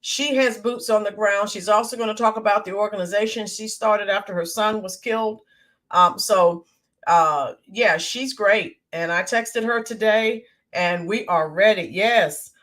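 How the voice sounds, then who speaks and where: An American woman hosting a casual livestream, greeting viewers by name with lots of filler ums, her voice a bit hoarse from yelling the day before. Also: mid-range voice, a little slow. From United States. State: voice slightly hoarse from screaming. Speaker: livestream host. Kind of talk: casual live-stream chat.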